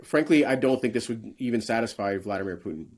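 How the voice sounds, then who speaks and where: A man, a guest in a conversational interview, speaks in a measured way with frequent restarts and fillers. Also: lowish voice, lively intonation, a little mellow.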